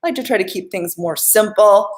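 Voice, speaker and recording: A young woman talks casually on a live stream, coaching her viewers. She reads out their questions and answers them in a chatty, easygoing way, with plenty of filler words. Her voice sits in a middle pitch for a woman. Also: brisk. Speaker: life coach.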